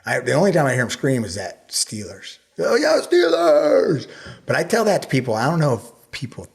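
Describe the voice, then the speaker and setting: A man's voice: medium pitch, big pitch swings, fast. A middle-aged man, a jiu-jitsu coach, talking candidly and bluntly as a podcast guest, swearing freely. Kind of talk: casual conversation.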